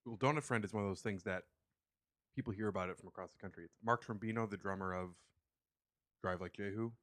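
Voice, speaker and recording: Laid-back low-voiced podcast guest. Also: male voice, fast, fairly bright tone. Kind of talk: casual chat.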